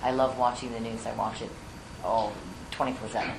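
A woman's voice: rumbling low, fairly even intonation, brisk, creaky. A woman on a press conference panel, answering in a stammer with many restarts. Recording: echoey room with background noise.

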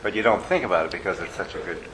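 A man's voice: low voice, very fast, crowd noise, low-quality recording. A man in casual conversation as interviewer, musing and hesitant, often trailing off with fillers. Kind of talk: casual film talk. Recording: background noise with dish clatter.

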